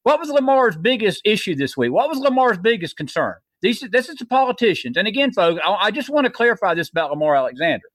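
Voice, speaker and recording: A man's voice: sits high, big pitch swings, quick pace, few pauses, a bit bright, no room sound. A man co-hosting a heated political talk show, fiery and preachy as he rallies listeners. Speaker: co-host.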